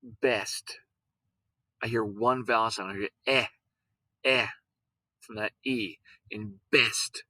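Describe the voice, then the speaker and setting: A man teaching a lesson, patient, repeating words and sounding them out slowly. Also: fairly low pitch, steady tone, sharp tone, dry recording, poor audio. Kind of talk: recorded classroom lesson on syllables.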